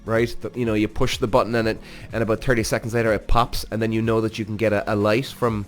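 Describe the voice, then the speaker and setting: A man hosting a podcast, reacting to a motorsport documentary in a casual, animated way, swearing freely and speaking straight to his listeners. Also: on the low side, quick pace, faint music behind. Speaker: podcast host, former racing driver.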